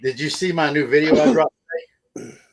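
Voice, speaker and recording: A man's voice: on the high side, fairly even intonation, fairly quick, a crowd in the background. A man talking casually with other truckers, chiming in with a laid-back, easygoing manner. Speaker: trucker, video maker. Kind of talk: casual chat.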